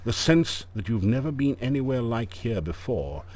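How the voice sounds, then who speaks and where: A man's voice: mid-range voice, sing-song, moderate pace, a little mellow. A man voicing the dry, punning narrator of an adventure game, delivering scripted narration with mock gravity. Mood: wry.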